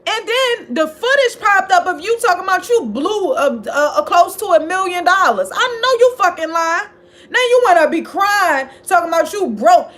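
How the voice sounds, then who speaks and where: A woman hosting a casual gossip commentary vlog, sassy and blunt, swearing freely and scolding the people she talks about. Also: very high-pitched. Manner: animated, jumps between mocking outbursts and quiet asides. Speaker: commentary channel host.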